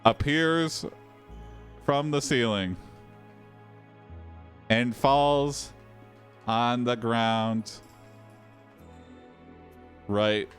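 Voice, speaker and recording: A man's voice: mid-range voice, very slow, long pauses, soft background music. A man hosting a live stream, reacting to an AI story with jokes and frequent laughter. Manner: joking, reactive, laughs often. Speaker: host and game player. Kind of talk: live-streamed game commentary.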